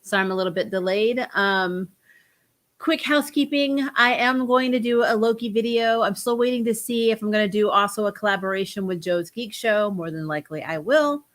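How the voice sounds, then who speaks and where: A young woman hosts a casual review chat with a bright, forward tone. Her nose is stuffed up from a cold, and she rambles along with ums and restarts. Her pitch sits in the middle for a woman. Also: normal speed. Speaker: host of a TV review channel.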